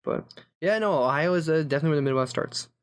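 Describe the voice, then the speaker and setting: A man's voice: a little high, expressive, racing, a little hiss or hum. Confident man listing things off. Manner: confident, rattles off lists. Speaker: podcast co-host. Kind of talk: casual chat.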